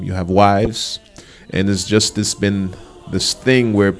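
A male pastor leading a congregation in prayer and preaching, with a fervent, rising cadence and call-and-response questions to the listeners. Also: on the low side. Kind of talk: sermon with prayer.

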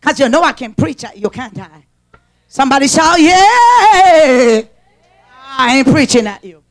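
High, bright woman preacher. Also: animated, fairly quick. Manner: emphatic, call-and-response preaching that rises to shouts. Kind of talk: sermon.

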